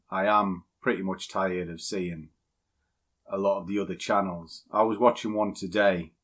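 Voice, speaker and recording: An older man with a somewhat low voice, talking casually and bluntly. He rambles a bit and shares strong opinions like a seasoned trading teacher. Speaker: trading educator. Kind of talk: casual rambling talk, then screen walkthrough.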